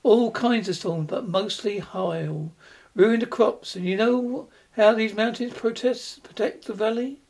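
A reader voicing a frightened old male rural postmaster who warns in folksy, hushed urgency in a storybook reading. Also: medium pitch, measured pace, gravelly. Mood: urgent warning. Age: older. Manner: secretive rustic warning, folksy grammar.

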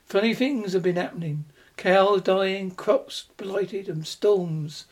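A reader voicing a frightened old male rural postmaster who warns in folksy, hushed urgency in a storybook reading. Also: medium pitch, slow. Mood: urgent warning. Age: older. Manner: secretive rustic warning, folksy grammar.

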